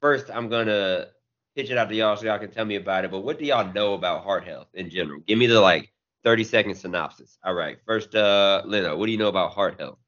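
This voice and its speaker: A man's voice: fairly low pitch, fast talker, a bit bright. A man co-hosting a podcast, chatting loosely with crude jokes and banter. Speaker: podcast co-host. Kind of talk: casual chat. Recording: dull lo-fi sound.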